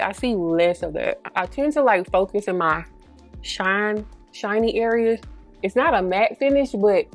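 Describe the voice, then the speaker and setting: Chatty breathy woman in her thirties. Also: medium pitch. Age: 30s. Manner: chatty, slangy, rambling asides; a little breathy, holds breath mid-sentence. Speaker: beauty vlogger. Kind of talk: casual get-ready-with-me chat.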